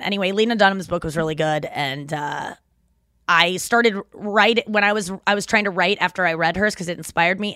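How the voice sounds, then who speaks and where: A woman hosting a podcast in casual chat, rambling and animated, laughing often as she talks. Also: mid-range voice, dry recording, clean studio sound. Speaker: podcast host.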